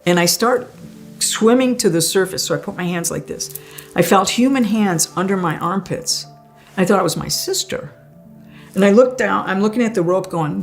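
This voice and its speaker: A woman telling her own story in a conversational way, often laughing as she speaks. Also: medium pitch. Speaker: guest sharing a near-death experience. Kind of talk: personal storytelling.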